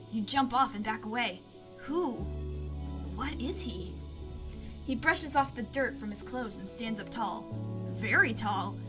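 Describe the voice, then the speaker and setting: A woman hosting a gaming video, reading the game's story text aloud and breaking into excitable, squealing reactions. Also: a little high.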